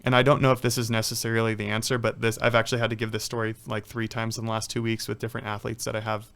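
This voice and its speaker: A man's voice: fairly low pitch, completely flat delivery, very fast, creaky, a bit bright, clean tone. A man, a professional athlete, talking casually in an interview, rambling through stories with lots of "like" and "you know.". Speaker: guest, professional water polo player.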